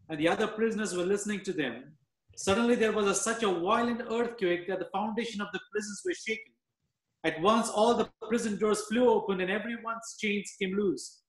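High-pitched man reading scripture in an echoey room. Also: a bit bright. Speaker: scripture reader. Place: church.

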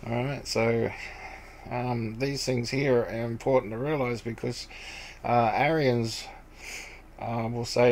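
A man giving an informal Bible teaching. He reads scripture aloud, then explains it in a rambling, halting way, with many fillers and restarts. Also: medium pitch, fairly even intonation, a little mellow, a little hiss or hum, poor audio. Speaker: preacher.

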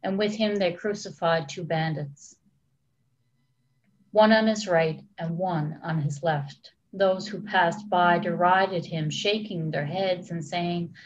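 A woman church leader reads scripture aloud in a measured, solemn manner. Her voice sits somewhat low. The recording is dull and lo-fi. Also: steady tone. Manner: measured, deliberate reading.

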